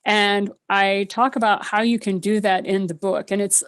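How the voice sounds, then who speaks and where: Animated woman telling a story. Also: mid-range voice, moderate pace. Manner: animated, laughs often, quotes her own thoughts. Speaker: guest, spiritual author. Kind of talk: conversational storytelling.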